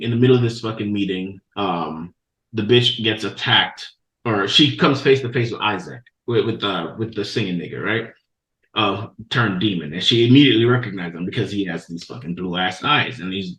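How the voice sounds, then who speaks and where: A man co-hosting a podcast, recapping an anime episode in a loose, profane, animated way. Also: on the low side, echoey room, poor audio. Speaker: podcast co-host. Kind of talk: casual chat, recapping an anime.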